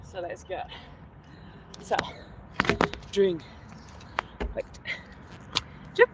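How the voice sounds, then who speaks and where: A woman live-streaming her outdoor workout, chatting with viewers and counting reps out loud, a little winded at times. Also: lowish voice, sing-song, drawn-out words. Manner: chatty, reads viewer comments aloud between sets. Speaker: fitness vlogger. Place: outdoors in a city. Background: faint traffic and street noise.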